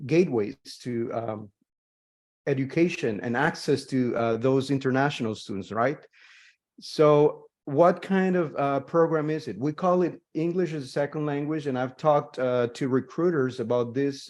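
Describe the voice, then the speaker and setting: A man who teaches English as a second language gives an academic talk over a video call. He speaks hesitantly, pausing often and adding "right?" tag questions. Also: medium pitch, a little mellow. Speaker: ESL instructor and co-author. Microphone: video call microphone.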